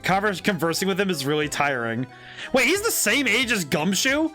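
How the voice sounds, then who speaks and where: A man streaming a game and reacting to it with open disbelief and loud exclamations. His fairly high voice swings widely in pitch, and faint game music plays behind him. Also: sing-song, normal speed. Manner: incredulous, exclamatory. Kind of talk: live-stream let's play commentary.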